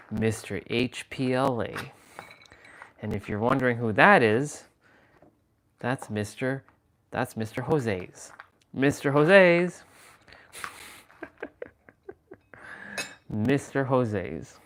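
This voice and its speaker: A man's voice: mid-range voice, a bit bright, slight background noise. A man hosting a live stream, rambling casually and playfully as he chats with his viewers. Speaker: livestream host.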